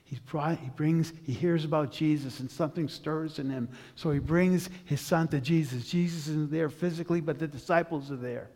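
Brief: male pastor, storytelling sermon, pauses then builds, slightly high voice, reverberant sanctuary. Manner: dramatic storytelling, long pauses, builds to loud intensity.

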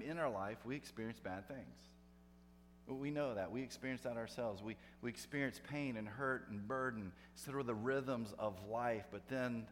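Guy preaching a sermon, chatty then punchy, long echoey church hall, faint hum. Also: lowish voice. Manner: conversational preaching with emphatic rising bursts. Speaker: pastor.

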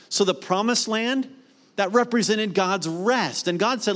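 A man's voice: high voice, measured pace. A man pastor preaching a sermon, reading scripture aloud and then pleading earnestly with his listeners, asking questions and answering them. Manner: earnest preaching, rising questions then soft emphatic pleas.

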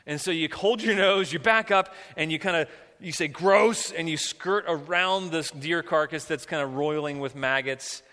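A man's voice: a little high, moderate pace, hardly any pauses, sharp tone, big-room sound. A man preaching a sermon as pastor, earnest and vivid as he tells a story and prays.

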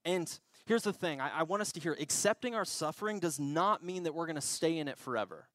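A man's voice: on the high side, lively intonation, fairly quick, fairly bright tone, no room sound, clean studio sound. A young man preaching a conversational sermon, telling a personal story with frequent laughs and self-corrections. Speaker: pastor. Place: church.

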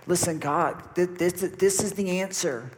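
A man's voice: high voice, a little slow, a little hiss or hum. A man, a pastor, preaching a sermon with emphatic, repetitive delivery, married with kids. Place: church sanctuary. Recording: long hall reverb.

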